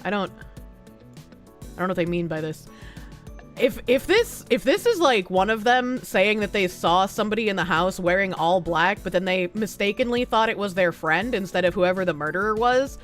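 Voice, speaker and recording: A woman's voice: mid-range voice, lively intonation, moderate pace. Female streamer, casual skeptical commentary over news reading, faint music bed. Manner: rambling and skeptical, swears casually, talks to chat.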